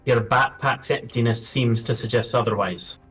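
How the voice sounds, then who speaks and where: A man speaking in character during a tabletop role-playing game, confident and persuasive. He sounds a little distant from the mic, with soft music underneath. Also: medium pitch, steady tone, normal speed. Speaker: player.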